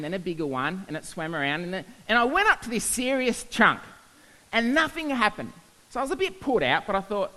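Male science teacher, high bright voice, animated storyteller, hall reverb. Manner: animated, laughs at his own stories. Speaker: science teacher giving a talk. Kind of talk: storytelling talk to an audience.

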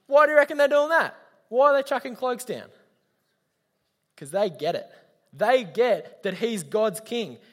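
A young man giving a chatty, slangy youth talk, speaking straight to his listeners. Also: high voice. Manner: chatty, slangy, addresses audience directly. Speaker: youth leader. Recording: long hall reverb.

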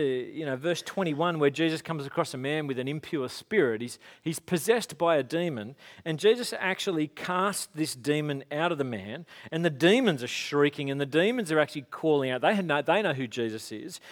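A man giving a casual, conversational sermon, telling stories and acting out quotes. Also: on the high side. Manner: casual, animated storytelling with acted-out quotes. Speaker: pastor.

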